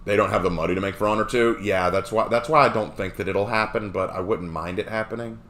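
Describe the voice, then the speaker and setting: A man streaming live, reading and answering chat questions in a rambling, animated way with frequent fillers. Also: on the low side, quick pace.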